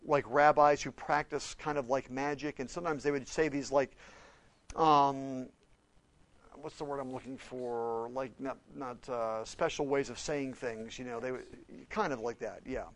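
This Oklahoma man, a pastor or Bible teacher, preaches a sermon that feels like conversational Bible teaching, speaking a little slowly at medium pitch. Animated and emphatic, he puts direct questions to his listeners, grows loud on key points, and stays informal with fillers and restarts.

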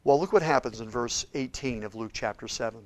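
A man preaching a sermon as a pastor in a church, shifting between loud, emphatic declarations and quiet, hushed passages. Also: mid-range voice, brisk. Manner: preaches with big swings from shouting to hushed tones.

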